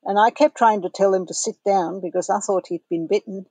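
A woman telling a lively, amused story in an interview. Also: medium pitch, fairly quick, breathy edge, no room sound. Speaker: interviewee recalling the dig. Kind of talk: interview recollection.

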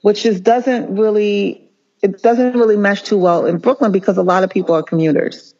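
A male nurse speaking as an interview guest, earnest and impassioned, often halting and restarting mid-sentence. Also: sits high, fairly even intonation, darkish tone. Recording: muffled lo-fi audio.

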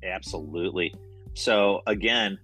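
A man's voice: low voice, measured pace, sharp tone. A man co-hosting a casual sports betting chat, laid-back and chuckling often, with faint music underneath. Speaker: co-host.

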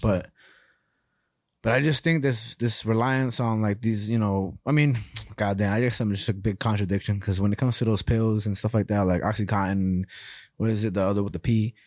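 A man's voice: fairly low pitch, moderate pace, dry recording, clean studio sound. Profane, rambling young podcast guy. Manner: rambling, profane, animated storytelling. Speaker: podcast co-host. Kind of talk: casual podcast chat.

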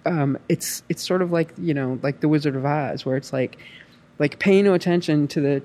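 Brief: a chatty actress, animated and rambling, full of fillers. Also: female voice, deep voice, moderate pace. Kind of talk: casual chat.

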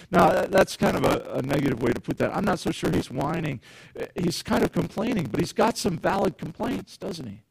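A man's voice: high voice, animated, brisk, gravelly, breathy edge, dry recording, poor audio. A male pastor giving a conversational sermon, often repeating words and putting questions to the congregation.

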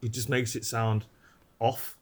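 A man's voice: mid-range voice, flat delivery, measured pace, noisy background. A British man from England on a podcast, explaining the music in a casual, enthusiastic way. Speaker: podcast co-host. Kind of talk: casual chat.

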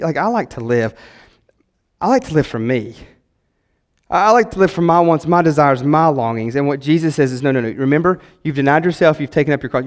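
A man, a pastor preaching a sermon in his church, swinging between loud exhortation and quiet emphasis. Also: a little high, big-room sound. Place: church sanctuary.

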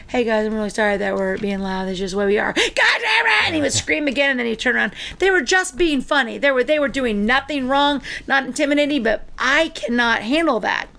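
A middle-aged woman co-hosting a casual chat, telling a story in an animated way with frequent restarts. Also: high-pitched. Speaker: podcast co-host.

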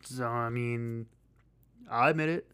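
A man co-hosting a podcast in casual chat, rambling and halting with many fillers and restarts. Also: mid-range voice, fairly even intonation, bright, forceful tone, clean tone, dry recording. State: losing his voice. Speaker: podcast co-host.

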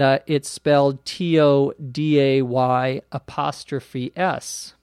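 A man hosting an English-learning podcast, explaining words slowly and spelling them out letter by letter with frequent "uh"s. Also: a little high, a little mellow, dry recording, studio quality. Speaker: English teacher podcast host. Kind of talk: slow explanatory podcast lesson.

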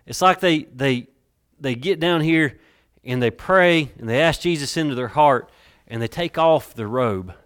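A preacher in a church delivering a dramatic sermon, swinging between soft and loud, stretching words for emphasis and restarting phrases as he builds. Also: fairly high pitch, clear, resonant tone. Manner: dramatic, varying loudness, drawn-out emphasis; repeats words and restarts while building a point. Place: church sanctuary. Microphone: worn mic.

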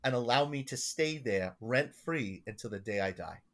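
A man's voice: medium pitch, expressive, moderate pace, close to an everyday voice. A man voicing an eccentric man in his eighties with a thick Long Island accent, blunt and sure of his grand schemes. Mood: scheming. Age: 80s.

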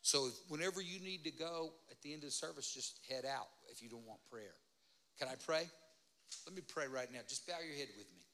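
Man preaching in church, kinda high voice, real bright and forceful, begging folks, asking for amens, goes loud then soft. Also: a little fast, slight background noise. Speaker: guest preacher. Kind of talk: sermon.

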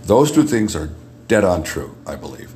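A man with a deep radio voice, a guest in a casual podcast chat, who often repeats words as he starts a thought. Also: big pitch swings, normal speed, a little mellow, a little hiss or hum. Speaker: guest, makeup artist.

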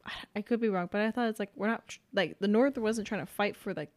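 A woman's voice: mid-range voice, fast, a little mellow. A woman co-hosting a podcast, chatting casually in a bubbly, giggly way with many "like"s. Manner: bubbly, giggly, uses "like" a lot. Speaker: podcast co-host. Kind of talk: casual chat. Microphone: podcast mic indoors.

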